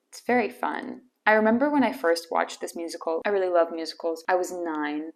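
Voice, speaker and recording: A young woman from Wisconsin hosting her own small talk show, chatty and playfully teasing. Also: lowish voice. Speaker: host. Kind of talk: casual solo talk show.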